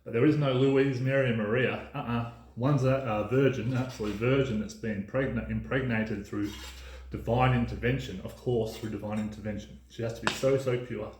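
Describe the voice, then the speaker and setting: A man's voice: mid-range voice, steady tone, normal speed, a little mellow, slight background noise. A man delivering an emphatic, ranting casual monologue as a podcast host, swearing freely. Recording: roomy echo.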